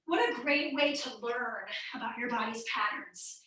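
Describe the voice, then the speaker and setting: A woman's voice: high voice, normal speed, few pauses, sharp tone. Upbeat woman fitness coach, light Midwestern accent, recorded from a distance in a very echoey room. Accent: Midwestern American. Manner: upbeat, encouraging coaching while exercising. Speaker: fitness instructor. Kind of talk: workout class instruction.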